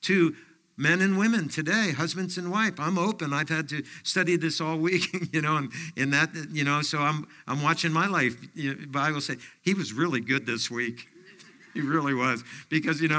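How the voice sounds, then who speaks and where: A man's voice: fairly high pitch, normal speed, sharp tone. An older man giving a folksy sermon, often dropping in fillers and personal stories. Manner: folksy, anecdotal preaching with frequent fillers. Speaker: pastor.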